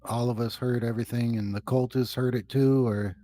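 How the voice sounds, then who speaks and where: Give me a tentative male player with a mellow, mid-range voice. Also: medium pitch, fairly even intonation, a little fast, no room sound. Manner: tentative, questioning. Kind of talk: casual tabletop game play.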